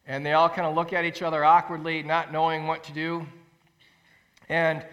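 A man preaching a sermon as pastor, earnest and animated, acting out quotes and repeating phrases for emphasis. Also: a little high, normal speed, pauses often. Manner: animated storytelling, acts out quotes with rising voice.

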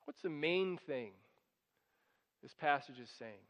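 A man preaching a sermon, animated and acting out quoted voices as he explains a passage. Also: a little high, takes it slowly. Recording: dull sound with long hall reverb.

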